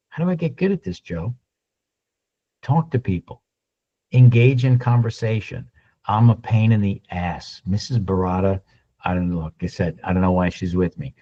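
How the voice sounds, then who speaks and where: Animated man teaching a sales talk. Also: fairly low pitch, dull audio. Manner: animated, acts out dialogue. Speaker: sales trainer. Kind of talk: lunch-and-learn talk.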